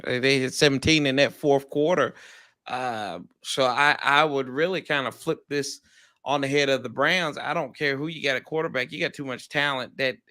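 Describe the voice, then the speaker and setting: Measured man giving sports takes. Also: medium pitch, bright, forceful tone, dry recording, studio quality. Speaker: guest panelist. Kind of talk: casual sports analysis.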